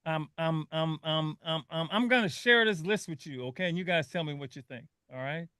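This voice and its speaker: A man's voice: on the high side, a little fast, bright, forceful tone, clean tone, no room sound, clean studio sound. An older man hosting a radio talk show, telling stories in an emotional, earnest way with frequent restarts.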